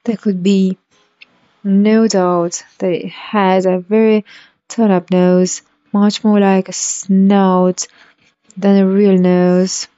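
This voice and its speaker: Slow, mellow woman reading a storybook. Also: mid-range voice, level tone, no room sound. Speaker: reader. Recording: dull lo-fi recording.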